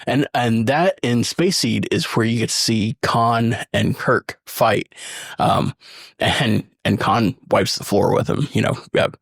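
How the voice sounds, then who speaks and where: A man's voice: medium pitch, gravelly, breathy edge, dry recording, clean studio sound. Enthusiastic man praising a film. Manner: enthusiastic, swearing, quick asides. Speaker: podcast co-host. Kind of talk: casual movie review chat.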